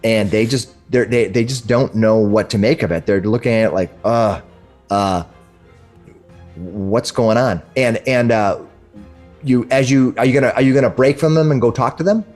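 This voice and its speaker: A man narrating a tabletop game as game master, talking haltingly with many restarts. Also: medium pitch, a little mellow, faint music behind.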